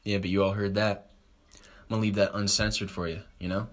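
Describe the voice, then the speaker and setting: Low, bright-voiced young man rambling crudely. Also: flat delivery, a little fast. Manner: laid-back, crude, rambling. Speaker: podcast host, stand-up comic. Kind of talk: casual rambling comedy chat.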